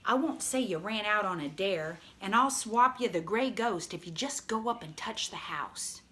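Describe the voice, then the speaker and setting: A small, daring boy who needles his friend with patient, teasing calm, as a woman reader puts him on. His voice is bright and lively, rising and falling freely as he coaxes. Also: mid-range voice, moderate pace. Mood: coaxing.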